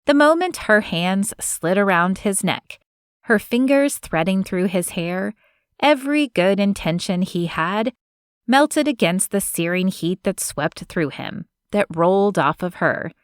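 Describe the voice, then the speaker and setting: A woman narrating a romance audiobook in a measured, gentle way, close to a studio mic. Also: mid-range voice, expressive, smooth, no room sound. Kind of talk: scripted narration of a romance novel.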